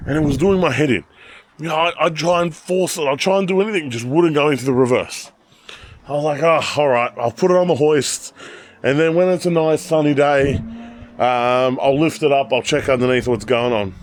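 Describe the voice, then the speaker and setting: A man with an Australian accent, chatting casually and rambling as he walks through his car collection, telling animated stories. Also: fairly high pitch, moderate pace. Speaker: channel host. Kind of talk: casual car walkaround vlog.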